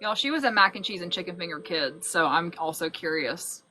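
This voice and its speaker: Bright-voiced young woman hosting a livestream. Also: fairly low pitch, brisk, a little hiss or hum, low-quality recording. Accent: barely any Southern, mostly neutral American. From Alabama. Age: young adult. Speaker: livestream host. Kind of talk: casual livestream chat.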